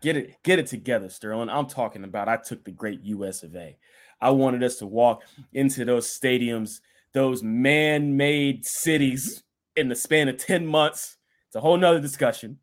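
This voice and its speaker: A man's voice: mid-range voice, normal speed. A man co-hosting a podcast, chatting about sports in a joking, playful way. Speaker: podcast co-host. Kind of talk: casual sports chat.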